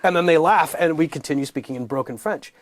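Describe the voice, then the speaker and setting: A man raised in Los Angeles, a comedian guest telling stories with animated, punchy comic emphasis in a candid interview. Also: a little high, quick pace, a little hiss or hum. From United States, raised in Los Angeles.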